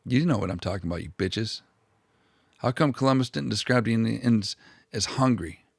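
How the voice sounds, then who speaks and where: Gravelly, crude-talking man rambling. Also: on the low side, moderate pace, no room sound, studio quality. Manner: crude, profane and mocking; meandering, with restarts and asides. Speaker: history channel host. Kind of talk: rambling comedic commentary.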